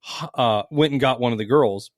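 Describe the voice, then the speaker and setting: A man from Las Vegas co-hosts a podcast and spins lively, profane stories, playing out every line of dialogue. His voice sits in an ordinary middle register. The recording is dry and close, with no room sound. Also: medium pitch, moderate pace, no room sound. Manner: animated storytelling, swears freely, acts out quotes. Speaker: podcast co-host. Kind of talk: casual chat.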